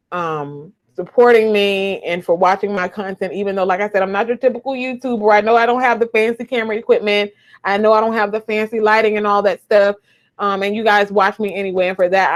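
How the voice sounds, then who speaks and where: A young adult woman, chatting emotionally to viewers on a live stream from home, repeating herself, recorded on a webcam or phone. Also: mid-range voice. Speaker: YouTuber. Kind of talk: casual live stream chat.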